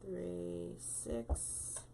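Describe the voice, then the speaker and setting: A woman's voice: lowish voice, drawn-out words, creaky, mellow, slight background noise. Chatty woman hosting a craft live stream. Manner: talkative, greets viewers by name.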